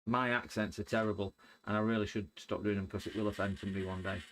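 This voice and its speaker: A man's voice: lowish voice, level tone, fast, a bit bright. A middle-aged man streaming a repair, chatting jokily and rambling as he works. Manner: jokey, rambling, sings and hums to himself. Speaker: livestreamer repairing electronics. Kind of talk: casual chat while working.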